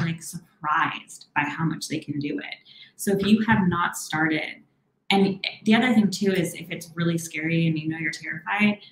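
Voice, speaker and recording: A woman therapist with a somewhat low voice, answering viewer questions live and reassuring each one. She tends to rush, then catches herself and slows down. The room rings with echo under a faint hum of background noise. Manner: warm, encouraging, talks fast and slows herself down. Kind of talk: live Q&A stream.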